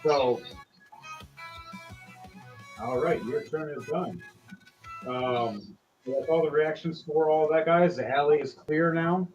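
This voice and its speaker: Male game master, loose and casual, slightly high voice, dull lo-fi mic and faint music. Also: slow, long pauses, darkish tone. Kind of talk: narrating a tabletop game.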